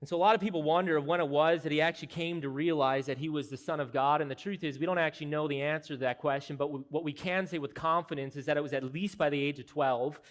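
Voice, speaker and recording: A man's voice: on the high side, fairly even intonation, fast, few pauses. Earnest male pastor preaching a sermon. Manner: earnest, emphatic, explanatory preaching. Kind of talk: expository sermon.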